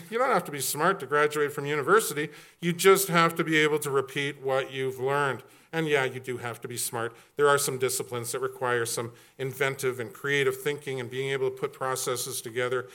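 A middle-aged man preaching a sermon as pastor, animated and joking, with quick storytelling asides. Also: medium pitch.

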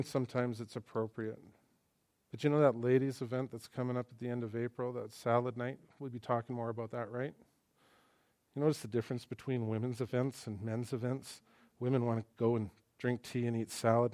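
A man preaching a sermon in church in a conversational, joking way, swinging between quiet asides and emphatic lines. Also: medium pitch, fairly even intonation, a little fast. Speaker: pastor.

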